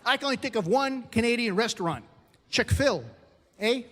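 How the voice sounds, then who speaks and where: A middle-aged American man works a comedy club crowd with a punchy stand-up set and quick asides. His voice sits fairly high. A long hall reverb trails behind every line. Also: animated, fairly bright tone. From United States.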